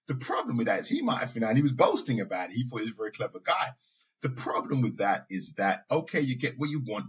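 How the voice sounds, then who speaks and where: Male podcast host, husky voice, casual and rambling, muffled lo-fi recording. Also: medium pitch. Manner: conversational, with asides and occasional laughs. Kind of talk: casual monologue. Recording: dull lo-fi sound.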